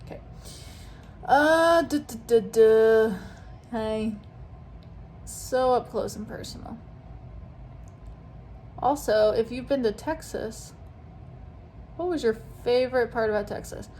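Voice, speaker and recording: A woman's voice: fairly high pitch, slow pace, long pauses, a little mellow, slight background noise. A young woman vlogging at home at night, chatting casually and rambling through asides while she does her makeup close to the camera. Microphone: camera very close to her face.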